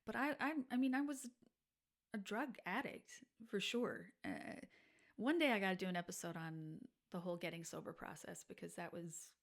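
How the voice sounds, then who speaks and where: A woman in her forties hosting a podcast, telling personal stories in a candid, reflective monologue that sometimes drops to a soft, breathy near-whisper. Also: medium pitch, steady tone, normal speed. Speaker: podcast host.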